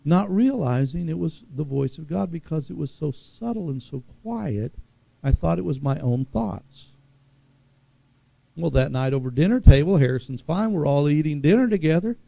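A man's voice: fairly high pitch, animated, moderate pace, creaky, warm tone, no echo, highs cut off. A middle-aged man preaching a sermon in a conversational way, reading scripture aloud with asides.

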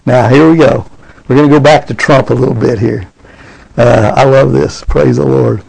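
A man's voice: mid-range voice, steady tone, normal speed, creaky, a little mellow, slightly rough, rough recording. A man preaching a sermon, reading scripture aloud and calling out "amen?" to his congregation.

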